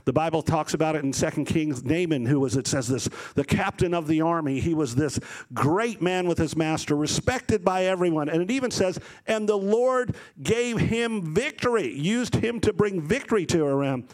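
Animated male pastor preaching. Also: on the high side, a little fast. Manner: animated storytelling, acts out voices. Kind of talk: sermon.

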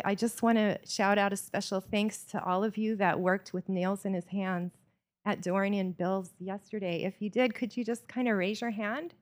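A woman preaching a sermon in a church, telling stories with earnest, varied emphasis. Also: mid-range voice.

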